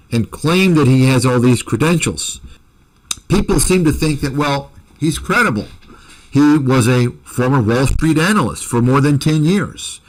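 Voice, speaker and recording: A man's voice: mid-range voice, rough recording. A man hosting a commentary channel, delivering a combative, accusatory rant to his viewers that is full of repeated insults.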